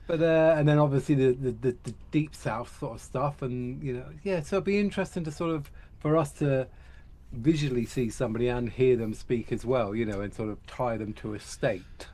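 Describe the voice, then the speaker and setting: A man's voice: mid-range voice, brisk, dark tone. A British man co-hosting a reaction video, chatting casually and hesitantly, often repeating words. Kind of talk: casual chat.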